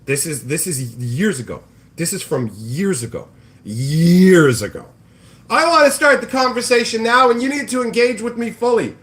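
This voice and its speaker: A man's voice: high voice, big pitch swings, normal speed, a bit bright. A man ranting on a casual livestream, sarcastic and profane, mocking people in put-on voices. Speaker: livestream host. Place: home kitchen, cooking bacon.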